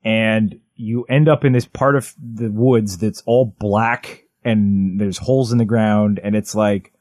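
A man in his thirties, co-hosting a podcast in casual chat, rambling excitedly with lots of "like" and restarts. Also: lowish voice, measured pace, few pauses, no room sound, clean studio sound. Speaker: podcast co-host.

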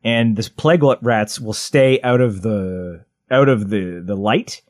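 A man's voice: on the low side, slow pace, dry recording. Guy in his 30s rambling about a game on a podcast, lots of likes and restarts, dry close mic. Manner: rambling, excited storytelling full of "like" and restarts. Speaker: podcast co-host. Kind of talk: casual chat.

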